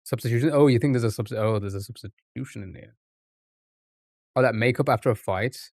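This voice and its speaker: A man on a live stream works through a puzzle out loud, stopping and restarting his sentences as he muses. His voice sits at a middle pitch. It is recorded close on a desk mic in a dry, deadened space. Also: no echo. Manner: halting, restarts often, muses aloud. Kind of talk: live-stream thinking aloud over a word puzzle.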